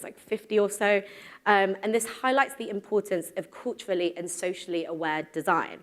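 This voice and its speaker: A woman in her thirties giving a live conference talk to an audience, casual and self-deprecating, with frequent ums. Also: mid-range voice. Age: 30s. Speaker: conference speaker. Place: stage before a live audience.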